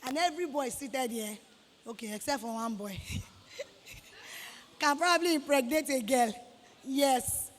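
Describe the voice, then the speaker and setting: A woman with a Nigerian accent giving an animated motivational talk to students, scolding them and acting out quoted voices. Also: sits high, unhurried, long pauses, in a large hall, slight background noise. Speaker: guest speaker to students. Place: hall with students.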